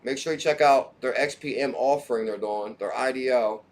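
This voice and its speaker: A man's voice: mid-range voice, normal speed. Hyped man hosting a livestream. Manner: hyped, hops between topics, shouts out chat viewers. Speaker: crypto livestream host. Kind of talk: casual livestream chat.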